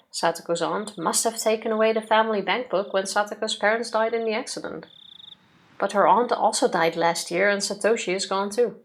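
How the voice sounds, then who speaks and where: A woman with a mid-range voice co-hosts a let's play, reading the visual novel's text aloud at a steady, even pace. She makes casual asides to her partner and yawns now and then.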